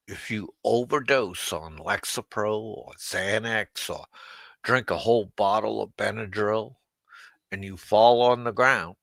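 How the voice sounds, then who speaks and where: This man's voice sits on the low side, bright and forceful with vocal fry, captured in a dry recording. Hosting a livestream, he addresses an absent person directly in a profane, mocking rant and cracks himself up with his own digs.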